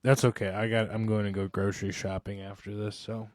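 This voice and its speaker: A man's voice: lowish voice, level tone, a little fast, dry recording, studio quality. A man co-hosting a comedy podcast in casual chat, teasing and joking. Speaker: co-host.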